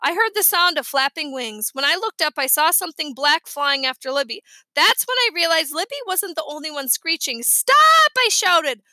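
A woman reading a children's chapter book aloud with lively, expressive storytelling. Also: high voice, a little fast, dry recording. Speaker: audiobook reader. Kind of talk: storybook narration.

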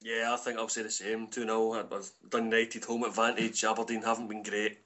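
A man's voice: lowish voice, flat delivery, fairly bright tone, dull audio. A man co-hosting a casual podcast chat, quoting figures. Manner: quick, cites stats. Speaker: co-host.

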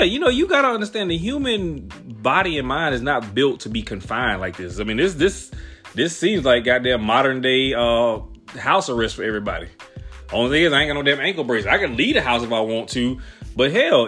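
A man, ranting casually with lots of profanity and animated storytelling. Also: high voice. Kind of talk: casual rant.

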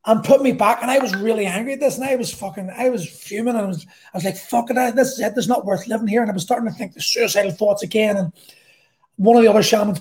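A man's voice: sits high, a little mellow. A middle-aged man with a Belfast accent, telling a personal story in a blunt, sweary, rambling way. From Northern Ireland.

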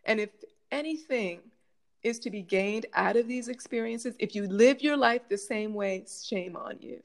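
Middle-aged woman educator, slightly high voice, reflective and impassioned, asks rhetorical questions. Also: moderate pace. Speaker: guest speaker, college educator. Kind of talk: conversational Q&A answers.

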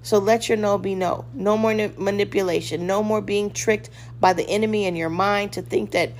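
A woman's voice: medium pitch, steady tone, normal speed, slight background noise. A woman giving a short devotional sermon, firm and exhorting, repeating short commands. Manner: acts out a weak, hesitant voice when giving examples. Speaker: devotional podcast host.

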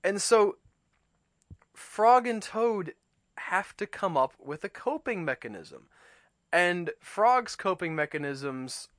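Reading a children's book aloud, a host then discusses it thoughtfully in a reflective talk, with a few small restarts. His voice sits high, expressive and fairly bright, and he takes his time. The studio sound is clean, with no echo.

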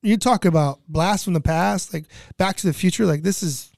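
Guesting in a casual conversation, this man in his thirties, who cooks for disaster relief, tells meandering stories full of "you know" fillers and curse words. His voice sits high and is gravelly yet a little mellow, delivered at normal speed. There's no echo, just clean studio audio.

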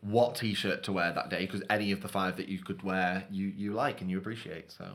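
Relaxed, teasing male podcast co-host. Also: deep voice, brisk. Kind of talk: casual chat.

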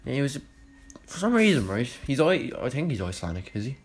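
A man's voice: medium pitch, lively intonation, quick pace. A young Irish man hosting a comic podcast, joking around as a boozy lad with a lot of swearing and laughter. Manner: swearing, mock-serious, laughing. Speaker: podcast host. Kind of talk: comedic banter playing a boozy lad.

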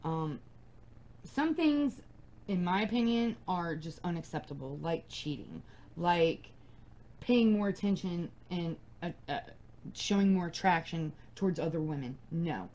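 A woman's voice: fairly low pitch, lively intonation, a little slow, darkish tone, poor audio. A young adult woman hosting a casual advice podcast, talking bluntly and emphatically and swearing freely. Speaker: podcast host.

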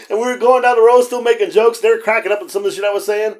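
A man's voice: extremely high pitch, very fast, hardly any pauses. A man telling stories in casual chat on a podcast. He laughs often, swears freely and acts out the voices of the people he quotes. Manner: animated, laughing storyteller with frequent restarts. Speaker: podcast co-host.

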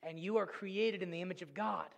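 A man preaching a sermon as pastor, earnest and storytelling, swinging between loud and hushed. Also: high-pitched, fairly quick, creaky, in a large hall.

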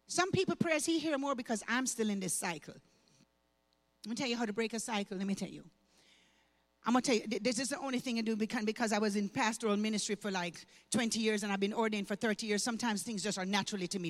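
An older woman pastor delivering a sermon, moving from conversational teaching to loud, impassioned preaching. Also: fairly high pitch, fast, in a large hall. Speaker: guest pastor.

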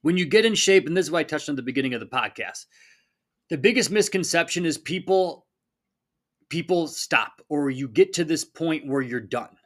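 A man in his thirties hosting a solo fitness podcast, talking in a casual, energetic coaching tone and acting out little quoted voices. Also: fairly high pitch, normal speed.

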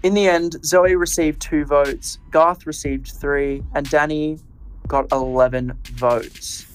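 A man co-hosting a podcast, casually recapping episodes and telling what happened in a relaxed, storytelling way. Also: a little high, takes it slowly, clean tone, low-quality recording. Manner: walks through events in a relaxed, storytelling way. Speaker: podcast co-host.

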